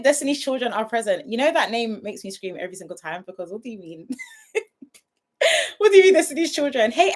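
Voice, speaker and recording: Chatty young woman hosting a livestream. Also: fairly high pitch. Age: 20s. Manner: chatty, playful, shouting out viewers by name. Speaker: YouTube livestream host. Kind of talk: casual livestream chat greeting viewers. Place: at home, her sister's house.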